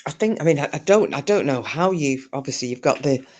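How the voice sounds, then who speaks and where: A woman's voice: deep voice, lively intonation, fairly quick, darkish tone. A British woman hosting a live stream from her sofa at home, chatting casually with a nervous, giggly manner.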